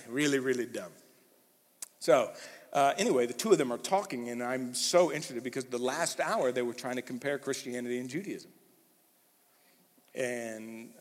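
A man preaching a sermon as pastor, animated and emphatic, swinging from loud bursts to hushed lines, with a conversational manner and fillers. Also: medium pitch. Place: church hall. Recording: long hall reverb.

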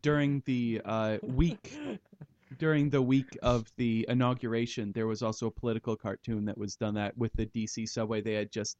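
A man's voice: medium pitch, fairly even intonation, normal speed, a little mellow, no echo, highs cut off. A man hosting a casual math podcast, rambling through ideas and making puns. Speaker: podcast host. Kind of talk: casual chat about math.

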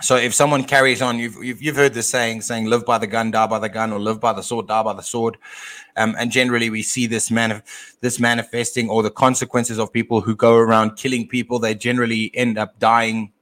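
A man co-hosting a casual talk show and teaching from scripture, often pausing and repeating words as he thinks aloud. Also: medium pitch, level tone, fairly bright tone. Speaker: podcast co-host and Bible teacher; father.

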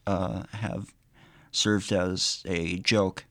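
A deep-voiced radio co-host chats casually in a radio studio, with a flat delivery captured in a dry, studio-quality recording. He's hesitant, pausing and restarting often.

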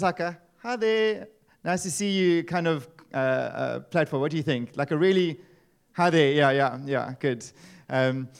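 A man, preaching a sermon in a lively, conversational way with asides and rhetorical questions. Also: on the high side, clean tone. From South Africa. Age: 30s. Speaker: pastor.

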